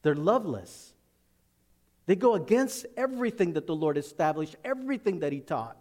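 A male pastor preaching in a church with a high voice that leaps up and down. He is animated and dramatic, acting out the voices of the people he describes, with laughter slipping in. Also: moderate pace, long reverb tail. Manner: animated, acts out quotes, laughs often. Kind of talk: expository sermon.

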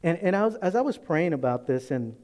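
Male pastor, slightly higher voice, casual preaching that acts out little scenes and questions the room. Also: animated, fairly quick, darkish tone. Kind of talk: sermon.

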